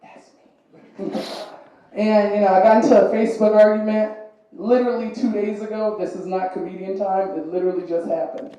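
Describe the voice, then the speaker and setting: A young woman with a lisp from braces doing a stand-up comedy set, animated and putting on voices for the people in her stories. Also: mid-range voice, a little fast, muffled recording. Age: young adult. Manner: animated, voices others in quotes. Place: comedy venue with laughing audience. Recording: very echoey live room.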